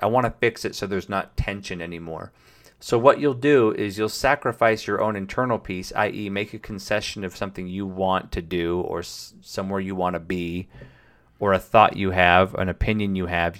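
A man's voice: sits low, clear, resonant tone. A young man hosting a livestream, giving blunt, profane dating advice in casual chat while reading comments from his viewers. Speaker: livestream host.

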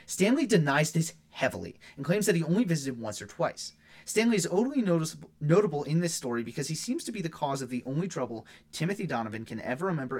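Fast, lively true-crime podcast host. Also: male voice, on the high side. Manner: reads case notes quickly with asides.

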